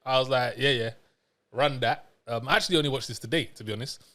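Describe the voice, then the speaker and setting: A man's voice: medium pitch, fast talker, sharp tone. A man, co-hosting a casual podcast chat in a slangy, chatty way. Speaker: podcast co-host.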